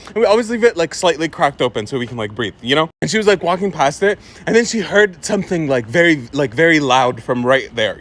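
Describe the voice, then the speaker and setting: A man from Egypt telling a story in a chatty, animated way, filling his speech with "like" and "right?". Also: a little high. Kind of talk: casual storytime vlog.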